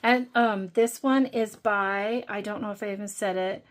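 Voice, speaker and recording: A woman's voice: mid-range voice, steady tone, normal speed, a little hiss or hum. A woman hosting a budgeting channel, chatting casually and thinking aloud while she counts and scratches off savings challenges.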